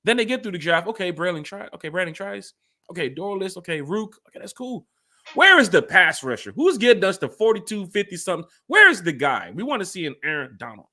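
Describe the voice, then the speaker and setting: A man hosts a sports fan podcast, speaking casually to his co-host in an animated, rambling way. He has a high voice and a quick pace.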